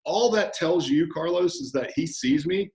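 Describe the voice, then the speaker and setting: A man guest talking about coaching in a relaxed, animated interview, often acting out conversations. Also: a little high, moderate pace, roomy sound. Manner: animated storyteller, acts out coach-client banter. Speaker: fitness business owner, guest.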